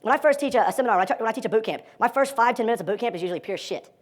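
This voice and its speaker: A man teaching a live dating seminar, energetic and profane, acting out quoted lines as he talks to his audience. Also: extremely high pitch, racing.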